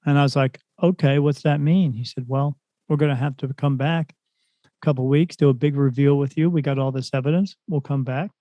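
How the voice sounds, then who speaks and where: Brisk and mid-pitched, a man's voice comes through a dry, lo-fi recording. As a spirit medium on someone's podcast, he relates events in a lively, casual way and performs the quoted voices of other people.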